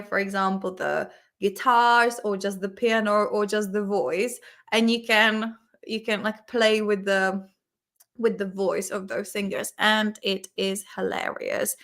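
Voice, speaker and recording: A woman's voice: a little high, a bit bright. A young woman with a Czech accent, a native Czech speaker, hosting a casual chat and often breaking into giggles. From Czech Republic. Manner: giggly, chatty, lots of fillers. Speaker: host.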